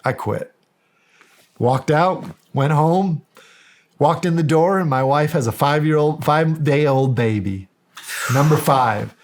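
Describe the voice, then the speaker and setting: A man's voice: on the high side, unhurried. A middle-aged American man telling a story in a podcast interview, acting out the quoted dialogue with animation. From United States. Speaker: guest, county sheriff.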